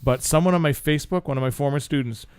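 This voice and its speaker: A man's voice: fairly high pitch, quick pace, darkish tone, smooth, dry recording. A middle-aged man co-hosting a casual chat, talking in a dry, teasing way. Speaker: co-host.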